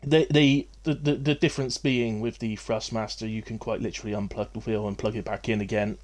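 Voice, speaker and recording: A man's voice: fairly low pitch, steady tone, brisk. A middle-aged man hosting a racing-league live stream in casual talk, rambling and self-deprecating with many fillers and restarts.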